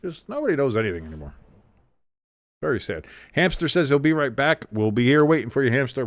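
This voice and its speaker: A man with a mid-range, sing-song voice talks briskly in studio-quality audio with no room sound. He's hosting a live football watch-along, calling plays, reading the chat and chatting casually and profanely with viewers.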